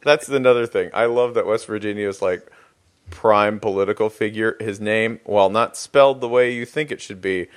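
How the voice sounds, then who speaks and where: A man's voice: on the low side, moderate pace, clean tone. A man hosting a casual podcast chat, laughing often and breaking into goofy voices. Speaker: podcast host.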